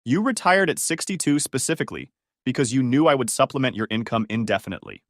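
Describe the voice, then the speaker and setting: Brief: a man playing a cold, deliberate older grandfather, formal and cutting, in a dry close recording. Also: medium pitch, animated, no room sound, close to an everyday voice. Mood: accusing.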